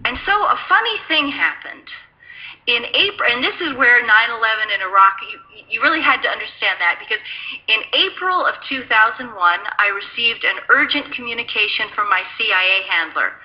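A woman's voice: fairly high pitch, expressive, moderate pace, lo-fi sound. A woman giving a storytelling talk, speaking emphatically with frequent restarts. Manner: emphatic, restarts sentences, acts out quoted dialogue. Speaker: speaker recounting her intelligence work.

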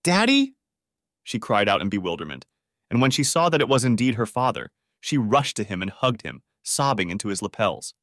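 A man narrating a story audiobook in an even, measured reading. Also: fairly low pitch, no echo, studio quality. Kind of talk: scripted narration.

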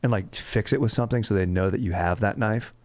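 Male comedy podcast host, low voice, loose rambling skater slang. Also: fast talker, darkish tone, no room sound. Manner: laid-back skater slang, rambling and jokey.

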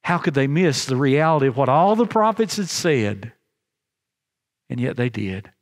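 A man's voice: medium pitch, animated. Earnest man preaching in a reverberant chapel. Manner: earnest, halting restarts, slows for emphasis. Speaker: pastor. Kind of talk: sermon.

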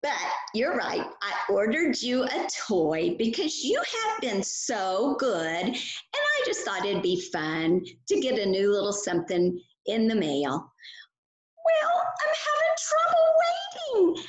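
Gentle, sing-song woman teaching children. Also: mid-range voice, very animated, a little slow. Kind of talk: children's Bible lesson with a puppet. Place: chapel. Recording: echoey chapel room.

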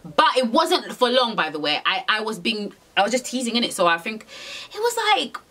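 A woman's voice: fairly high pitch, big pitch swings, a little fast, fairly bright tone. A young woman telling a frank, rambling storytime to camera, swearing freely and using lots of slang. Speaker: vlogger.

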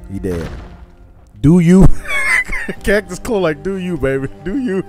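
A man, commentating his co-op stealth game casually, excitable and joking, teasing his partner. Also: high-pitched, takes it slowly, music in the background. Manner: excitable, jokey, trash-talks his partner, bursts into loud laughs. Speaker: gaming channel host.

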